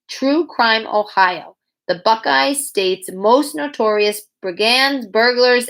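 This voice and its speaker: A woman reading a children's novel aloud, acting out the characters with lively voices. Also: mid-range voice. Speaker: reader.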